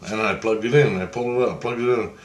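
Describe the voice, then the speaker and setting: A man's voice: fairly low pitch, fairly even intonation, fast talker, slight background noise. A man casually telling a long story in a rambling, repetitive way, swearing freely. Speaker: vlogger. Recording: echoey room.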